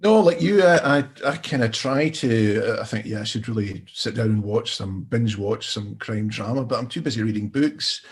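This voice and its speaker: A man's voice: fairly low pitch, normal speed, few pauses, husky. A man from Scotland, a crime novelist, talking in an easygoing, hesitant way at an online festival. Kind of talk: festival talk on a video call.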